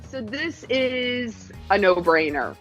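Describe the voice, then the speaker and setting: A female co-host with a lively, swooping voice who teases and exclaims her way through banter. Faint music plays behind her. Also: medium pitch, takes it slowly. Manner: teasing and exclamatory. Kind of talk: live show hosting banter.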